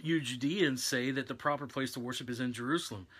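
A man's voice: fast talker, fairly bright tone, slightly rough. A man voicing a Samaritan woman at a well as he reads a scripture passage aloud. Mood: questioning. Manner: read aloud with a raised pitch.

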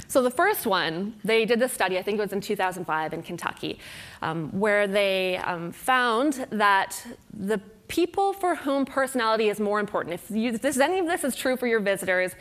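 A woman giving a talk from a conference stage, in a casual and wry manner. She drops into short mock dialogues and quick asides. Her voice sits at a middle pitch. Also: a bit bright. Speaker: conference speaker on copywriting.

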